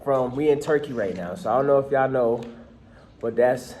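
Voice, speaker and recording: Male vlogger, mellow laid-back voice, slangy, talks while eating; faint background noise. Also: mid-range voice, moderate pace, rough recording. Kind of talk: casual mukbang chat. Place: restaurant in Turkey.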